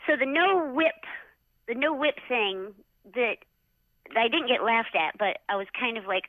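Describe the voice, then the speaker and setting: Brief: middle-aged woman, high bright pitch, chatty animated storyteller, dry dull lo-fi audio. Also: a little slow, no room sound. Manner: animated, acts out others' lines with many "like" fillers. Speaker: interview guest, former jockey. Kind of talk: casual storytelling interview.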